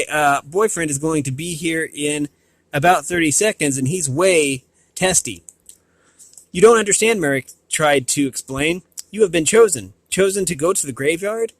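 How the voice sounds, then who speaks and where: A man reading a novel aloud, often stumbling and restarting words, with short asides to listeners, and a higher voice for quoted lines. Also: a bit bright, no room sound. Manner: raises pitch for quoted dialogue. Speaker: reader.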